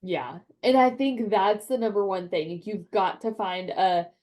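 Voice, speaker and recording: A woman telling her own story as a podcast guest, frank and animated, leaning hard on the words she cares about. Her pitch sits in an ordinary middle range for a woman, and she talks in a loose, conversational way. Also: unhurried. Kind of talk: personal birth story in casual conversation.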